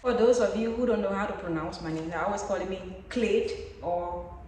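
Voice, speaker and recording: A woman's voice: medium pitch, fast talker, darkish tone, a little hiss or hum. A young woman, chatting playfully and affectionately to her followers in a home vlog. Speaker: vlogger. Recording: very echoey room from far off.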